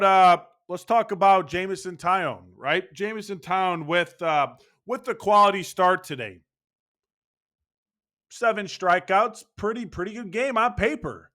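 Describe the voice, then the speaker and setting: A man's voice: sits high, lively intonation, measured pace, a bit bright. A man ranting angrily and sarcastically about his baseball team's loss, swearing as he goes. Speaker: baseball fan commentator. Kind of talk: ranting sports commentary.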